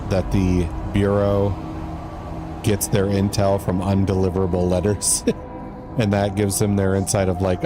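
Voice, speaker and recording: A man's voice: deep voice, monotone, unhurried, music in the background. A man streaming a game live, chatting casually with his viewers and reading in-game letters aloud.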